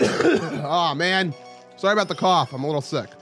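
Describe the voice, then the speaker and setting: Faint music plays behind a young let's play host whose voice sits on the high side at a moderate pace. He commentates his game casually, cracking jokes and yelping excitedly when things happen suddenly.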